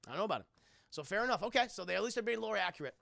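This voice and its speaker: Animated, gravelly young man recapping. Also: high-pitched, racing, dry recording, studio quality. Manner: animated, profane, laughing recap addressing chat. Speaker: streamer and film reviewer. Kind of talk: casual live-stream commentary.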